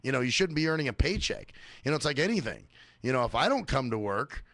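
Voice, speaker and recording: Profane ranting man, gravelly voice. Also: medium pitch, sing-song, fast talker, fairly bright tone, no room sound, clean studio sound. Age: adult working age. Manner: profane, sarcastic, mocking. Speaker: radio show host. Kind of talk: ranting monologue.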